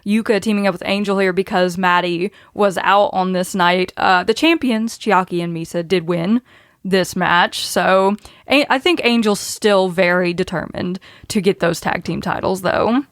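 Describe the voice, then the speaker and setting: A woman's voice: medium pitch, moderate pace, no echo, clean studio sound. A woman hosting a podcast, running through match results in a casual way and laughing often. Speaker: podcast host.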